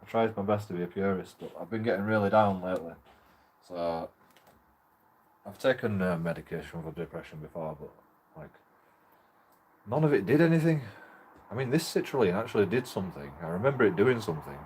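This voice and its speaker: Giggly low-voiced man. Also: lively intonation, brisk, pauses often, darkish tone, breathy edge. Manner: giggly, laughs through his words. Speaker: auditor vlogger. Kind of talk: rambling casual monologue.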